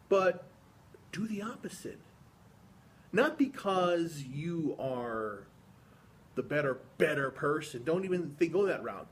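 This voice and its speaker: A man's voice: sits high, a little hiss or hum. Earnest rambling man musing to camera. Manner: rambling, earnest, with many restarts and fillers. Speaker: vlogger. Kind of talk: reflective personal monologue.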